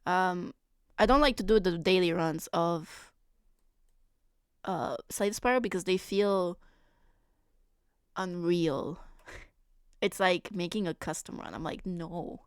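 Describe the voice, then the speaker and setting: A woman's voice: on the low side, slow, long pauses, clean tone, no room sound, studio quality. A young woman streamer chatting casually with her viewers, giggling often between phrases. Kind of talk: casual live-stream chat.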